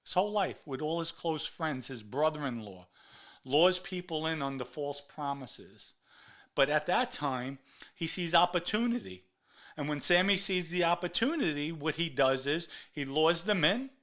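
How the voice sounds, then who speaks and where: Enraged middle-aged man ranting, sharp voice. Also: on the high side, animated, moderate pace. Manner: heated, ranting, repeats insults for emphasis. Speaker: podcast host. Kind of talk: angry monologue to camera.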